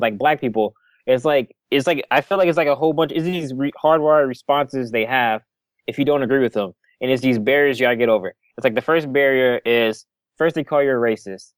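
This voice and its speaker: Young guy on a call-in, smooth clear voice, dry close sound, rambles with tons of "like". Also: medium pitch, dry recording. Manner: rambling, many "like" fillers, chuckling. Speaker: caller. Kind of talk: casual call-in chat.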